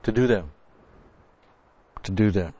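Speaking slowly in a warm, husky, lowish voice, a Bible teacher works through scripture verse by verse, repeating key words to stress points and explaining the original grammar. There's no room sound, and the lo-fi recording is dull and dry.

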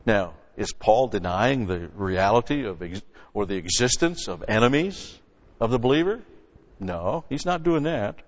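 Male pastor, low voice, emphatic teaching sermon, dull recording with long church-hall reverb. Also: animated, normal speed. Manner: emphatic, swings between loud stresses and quiet asides. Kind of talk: expository sermon.

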